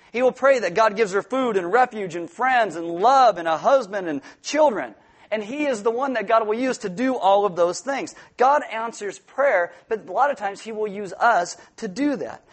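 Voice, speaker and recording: A man preaching a sermon in a lively, joking way, acting out quoted voices as he goes. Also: high voice. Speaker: pastor.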